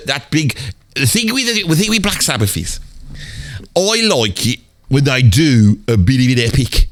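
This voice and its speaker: A man's voice: on the high side, a bit bright. A man playing a rambling Birmingham bloke who swears constantly, in a comedic monologue sketch, with a Birmingham accent. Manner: rambling, peppers every line with "bloody". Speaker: comedy character talking about music.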